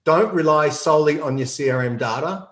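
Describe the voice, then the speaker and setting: The Australian CEO's voice is on the high side, a little fast, and reverberant. Being interviewed as a business guest, he explains with confidence and laughs a lot.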